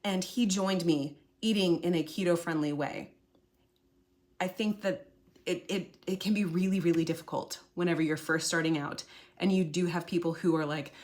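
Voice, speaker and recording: A woman's voice: on the low side, fairly even intonation, measured pace. A woman vlogger speaking to camera in a casual, encouraging monologue, earnest and chatty. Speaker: health and food vlogger.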